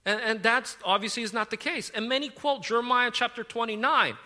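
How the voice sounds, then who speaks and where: A man's voice: very high-pitched, a little fast, sharp tone. A man giving a conversational sermon as a preacher, rambling a little with frequent fillers and self-corrections.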